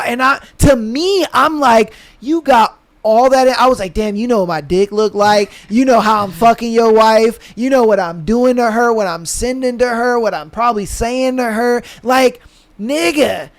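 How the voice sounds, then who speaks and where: A man co-hosting a podcast, telling a profane story in a casual, animated way with lots of fillers. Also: extremely high pitch, moderate pace. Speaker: podcast co-host. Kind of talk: casual chat.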